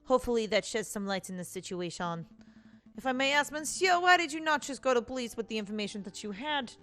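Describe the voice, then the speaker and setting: A woman's voice: a little high, expressive, quick pace, fairly bright tone. A woman voicing a scheming male prisoner who fakes a foreign prince, theatrical and evasive, with a put-on accent. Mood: storytelling. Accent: put-on Spanish then French.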